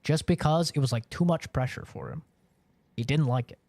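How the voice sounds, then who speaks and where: A man's voice: on the high side, moderate pace, darkish tone, no echo. A man live-streaming and chatting casually with viewers, rambling along with lots of filler words.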